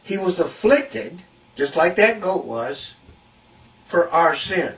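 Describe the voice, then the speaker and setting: Slow, high-voiced preacher heard from afar. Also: male voice, expressive, a bit bright, distant mic, poor audio. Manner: deliberate, emphatic, repeats key phrases. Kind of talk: Bible teaching sermon.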